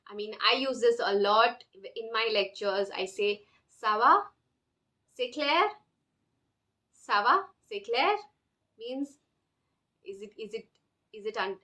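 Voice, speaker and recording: A woman teaching beginner French online, slowly repeating each phrase for learners to copy. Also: a little high, bright, forceful tone. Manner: slow, drills phrases with repetition. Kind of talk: online language lesson.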